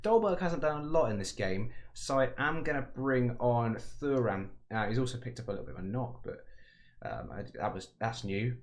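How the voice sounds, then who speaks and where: A man's voice: medium pitch, sing-song, normal speed. A man giving casual, rambling commentary on a football management game, chatty and self-mocking with frequent asides. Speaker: gaming commentator.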